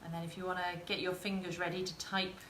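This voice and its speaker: Speaking fast in a lowish, level, slightly bright voice, a woman teaches sewing live and chats encouragingly with her viewers. The recording has a little hiss or hum, roomy echo, and faint ambience.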